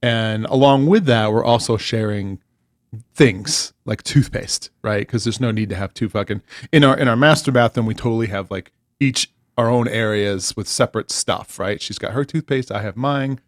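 A podcast co-host with a lowish voice tells a story at a moderate pace in casual chat, swearing a lot and sounding exasperated. The recording is dry with clean studio sound.

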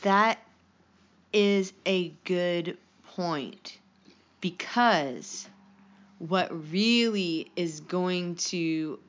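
Relaxed lower-voiced woman co-host. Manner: relaxed, halting, with fillers. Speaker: podcast co-host. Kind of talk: casual chat. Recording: dull lo-fi recording.

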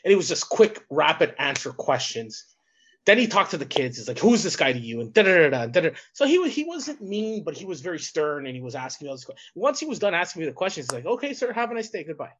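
Male podcast co-host, raspy, lively pitch, loose swearing anecdote style. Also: quick pace, highs cut off. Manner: rambling storyteller with many restarts and swearing. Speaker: podcast co-host, wrestling coach. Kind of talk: casual chat, telling an anecdote.

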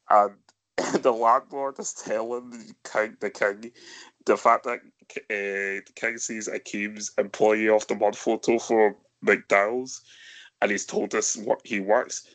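A male podcast host talks at an unhurried pace in a fairly low voice. He leads a casual film discussion, walking through scenes and turning questions over to his co-hosts. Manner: leads the talk, recapping scenes and asking the others.

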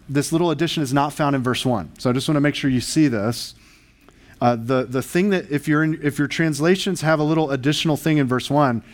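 Man preaching a verse-by-verse sermon. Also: a little high. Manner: conversational teaching, shifts pace for emphasis, occasional restarts. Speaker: pastor.

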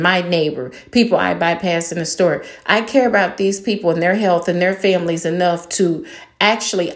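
An older woman and grandmother delivering a heated, blunt monologue, swearing and firing off rhetorical questions at her listeners. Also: on the low side. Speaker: podcast host. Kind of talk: angry monologue rant. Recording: roomy echo.

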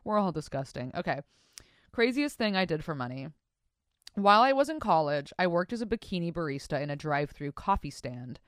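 A podcast host, a woman with a slightly low voice, talks casually and swears freely. She reads out listener stories and breaks off into exaggerated, disgusted reactions. The sound is dry and close. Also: very animated, brisk, dry recording. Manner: crude, profane, swings into mock-disgusted reactions.

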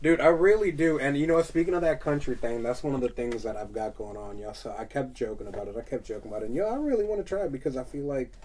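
A man hosting a podcast, telling profane, animated stories in casual chat on a studio mic. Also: mid-range voice, fast talker, hardly any pauses, far from the mic, slight background noise. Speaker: podcast host. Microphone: studio microphone with headphones.

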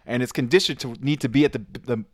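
A man's voice: medium pitch, fast, no room sound, clean studio sound. A man co-hosting a podcast, telling a story with lots of swearing. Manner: animated storytelling, swears a lot. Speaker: podcast co-host. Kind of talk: casual chat.

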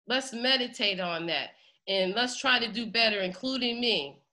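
Fervent bright-voiced woman preaching. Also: fairly high pitch, moderate pace. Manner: fervent, pleading, emotional. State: near tears. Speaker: congregation host. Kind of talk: impassioned preaching.

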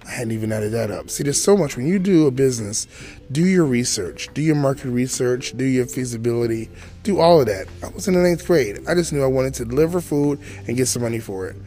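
A man's voice: mid-range voice, lively intonation, brisk, warm tone, soft background music. A man in his forties telling his own story as a podcast host, chatty and full of asides to the listener. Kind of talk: storytelling monologue.

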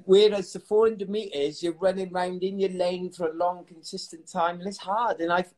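A middle-aged man from the United Kingdom, a retired athlete telling stories in a chatty, animated way in an interview, laughing now and then. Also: high-pitched, moderate pace. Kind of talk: casual storytelling interview.

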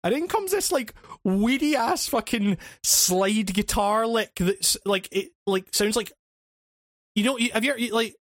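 A man's voice: high-pitched, animated, a little slow, no echo, clean studio sound. A man on a podcast, ranting casually with lots of swearing, fillers and restarts. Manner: rambling, profane, many restarts and fillers. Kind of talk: casual chat.

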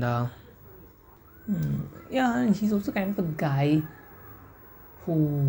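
Low, slow, gravelly woman podcaster. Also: mellow, slight background noise. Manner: rambling, repeats words, swears casually. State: sleepy, yawning. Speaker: podcast host. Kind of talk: unscripted solo podcast rant.

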